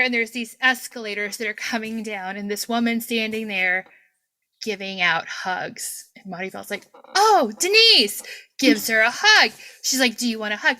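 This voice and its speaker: Podcast host, woman in her forties, bright higher voice, animated storyteller who plays out the voices she quotes. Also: rough recording. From Kentucky, USA. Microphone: video call.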